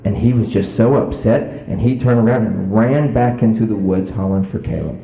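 A man telling a story to an audience in a folksy, animated way, acting out voices. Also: lowish voice, moderate pace. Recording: echoey tinny phone-like sound.

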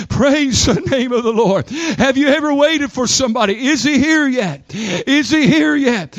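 A man preaching a sermon in a rhythmic call-and-response style, repeating phrases and building up to shouted lines. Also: very high-pitched, dry recording.

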